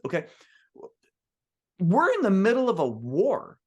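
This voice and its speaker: A man's voice: high-pitched, wildly swooping pitch, measured pace, darkish tone, breathy edge. A man who is a composer, giving an earnest, emphatic talk to musicians at a band clinic and restarting his sentences often.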